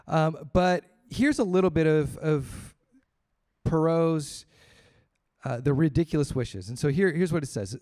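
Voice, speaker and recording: High-voiced male pastor preaching. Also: a little slow. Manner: storytelling, acts out quoted voices with rising pitch; drops to quiet, low emphasis on key points. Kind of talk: sermon.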